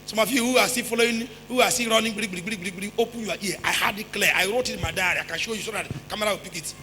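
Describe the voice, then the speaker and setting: A man with a Nigerian accent preaching a sermon as pastor, emphatic, repeating phrases, firing rhetorical questions and at times breaking into shouts. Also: high voice, rapid-fire. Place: church hall. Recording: reverberant church hall with faint music.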